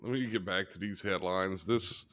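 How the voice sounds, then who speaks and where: A man's voice: low-pitched, fairly even intonation, moderate pace, sharp tone. A man co-hosting a casual talk show, reading out news headlines and cracking dry jokes in between. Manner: dry, wisecracking.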